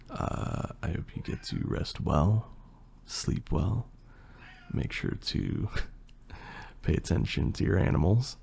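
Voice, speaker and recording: A young man with a hoarse, partly lost voice, chatting casually and rambling through a Q&A as an ASMR creator. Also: low-pitched, slow pace. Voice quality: gravelly and husky. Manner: relaxed, rambling, with fillers and swearing. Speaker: ASMR creator answering questions. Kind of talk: casual Q&A chat.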